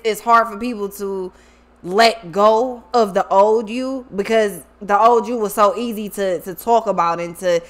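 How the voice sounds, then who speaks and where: A woman's voice: mid-range voice, a bit bright. A woman giving a casual tarot reading monologue, blunt and profane, who talks emphatically and often repeats her words. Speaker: tarot reader.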